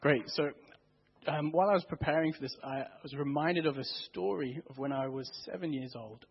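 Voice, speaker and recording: A man preaching in a church, telling a personal story in a relaxed, anecdotal way. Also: on the high side, fairly quick, slightly rough. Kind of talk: sermon storytelling. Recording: dull muffled church recording.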